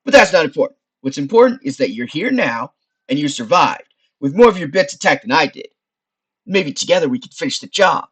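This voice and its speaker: A man voicing a brash, chummy floating skull, an ancient male spirit who calls the hero boss, in a lively voice. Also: fairly high pitch, fairly quick, husky, voice pushed up.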